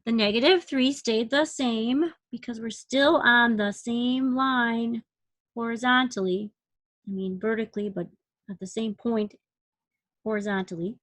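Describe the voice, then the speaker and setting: A woman's voice: on the high side, fairly even intonation, measured pace, fairly bright tone, no room sound. A woman teaching a recorded math lesson, patiently counting units aloud and asking questions as she works. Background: dog barking.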